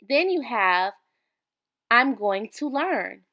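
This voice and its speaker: A woman teaching an online beginner language lesson, patiently repeating each word slowly for the learners. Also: mid-range voice, fairly bright tone. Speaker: language tutor.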